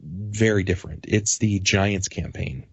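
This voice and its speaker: A man on a casual podcast, talking at length about the tabletop games he runs as game master, animated and rambling. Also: deep voice, a little slow, husky, no room sound, dull audio.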